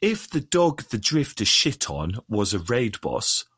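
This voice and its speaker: A man's voice: lowish voice, sing-song, measured pace, fairly bright tone, slightly rough, no echo, studio quality, heavily acted. A man with an English accent putting on a mock-posh upper-class voice, reading out a question in a podcast chat.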